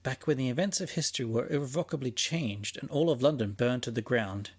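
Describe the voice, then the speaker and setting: Husky-voiced man musing aloud. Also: mid-range voice, fairly quick. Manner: musing, dryly sarcastic. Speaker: podcast host and narrator. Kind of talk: scripted conversational monologue.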